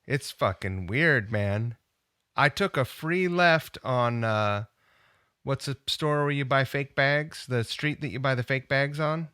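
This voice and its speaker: A man from Seattle hosts a podcast in a loose, casual chat, dropping swear words without fuss. His voice is bright and forward, recorded dry and close. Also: medium pitch, takes it slowly, clear, resonant tone, no echo. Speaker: podcast host.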